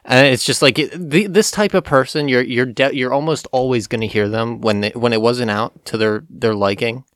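A man's voice: medium pitch, moderate pace, a bit bright, dry recording, clean studio sound. A man co-hosting a casual chat, chiming in with jokes and quips. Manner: joking, chimes in with quips. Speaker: podcast co-host.

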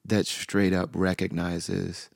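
A middle-aged man hosting a podcast, softly telling a heartfelt personal story with quoted dialogue. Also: deep voice, level tone, slow, vocal fry, no room sound, clean studio sound. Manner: soft-spoken, heartfelt, with frequent fillers and quoted dialogue. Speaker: podcast host.

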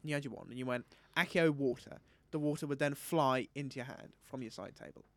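A young man co-hosting a casual podcast chat, telling animated stories and breaking into loud comic impressions. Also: mid-range voice, fast talker, no echo. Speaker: podcast co-host. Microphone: studio microphone.

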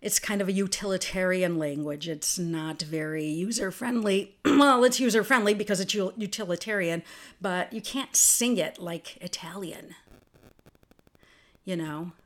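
Slow-talking woman podcast host. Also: on the low side. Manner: chatty, spells words out letter by letter. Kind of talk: casual solo podcast monologue.

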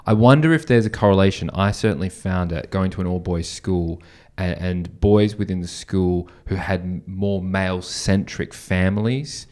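A man's voice: low-pitched, normal speed, few pauses, a little mellow. A man with an Australian accent hosting a podcast, asking questions hesitantly with many restarts. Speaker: podcast host. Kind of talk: casual chat.

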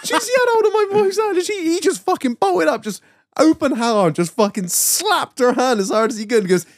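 A man's voice: very high-pitched, lively intonation, normal speed, no room sound, clean studio sound. A man hosting a podcast, telling sweary anecdotes and laughing through them. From Manchester, England. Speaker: podcast host. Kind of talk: casual podcast banter.

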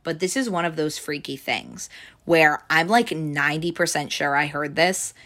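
Young woman, casual storyteller, lowish pitch with a sharp bright tone, acts out quotes, lots of "like". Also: normal speed. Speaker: bank teller telling a story. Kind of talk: casual chat.

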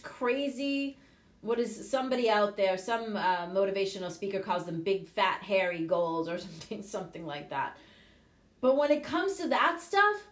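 A middle-aged woman coach and show host, talking frankly and casually, with the odd swear word. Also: fairly high pitch. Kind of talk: casual motivational talk. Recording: echoey room.

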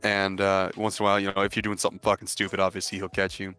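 A young man who works as a security dispatcher, chatting casually with friends and telling profane, animated stories with frequent laughs. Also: low-pitched, rapid-fire, clear, resonant tone, soft background music. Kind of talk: casual podcast chat.

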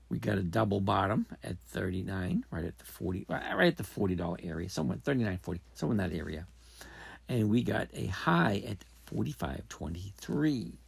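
The host of a casual trading podcast has a low, husky, gravelly voice with a slightly mellow tone, recorded with no room sound. He meanders through his thoughts aloud, correcting himself along the way.

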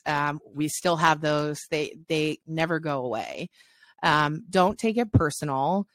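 A woman with a notably deep voice speaks fast and frankly as a panelist, filling her pauses with ums. The recording is dry, with no room sound around her. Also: no echo. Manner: fast-talking, frank, many fillers. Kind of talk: casual panel discussion.

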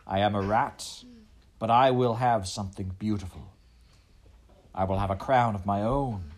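A man's voice: lowish voice, measured pace, a little mellow. A man voicing a heartbroken male rat who turns bitter and vows revenge, speaking in a brooding tone. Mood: vengeful. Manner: brooding, vengeful.

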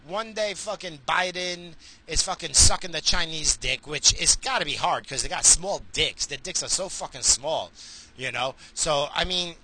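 Crude, bright-voiced man ranting while driving. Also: fairly high pitch, expressive, moderate pace. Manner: crude, rambling, swears constantly. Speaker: vlogger. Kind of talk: profane rambling rant while driving. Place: car, driving.

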